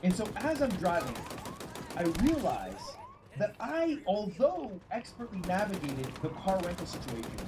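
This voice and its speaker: With game gunfire and ambience underneath, a male streamer rambles through a profane story while playing. His voice is high with huge pitch swings, and he keeps a measured pace.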